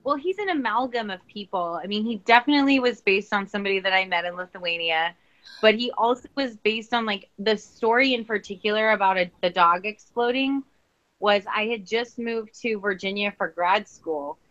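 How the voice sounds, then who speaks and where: A woman's voice: mid-range voice, normal speed, a bit bright, no room sound. A woman guest author in a casual podcast interview, talking thoughtfully and searching for words with frequent restarts. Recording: dull lo-fi sound.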